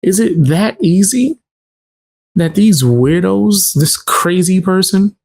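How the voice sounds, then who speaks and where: A man's voice: sits high, lively intonation, slow pace, a little mellow, slightly rough. A man doing casual reaction commentary, blunt and scoffing, full of slang.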